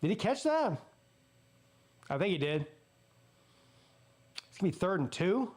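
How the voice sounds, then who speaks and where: A man with a Southern US accent hosting a live watch-party stream, calling plays excitedly and jumping up in pitch on big plays. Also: a little slow. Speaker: sports streamer host.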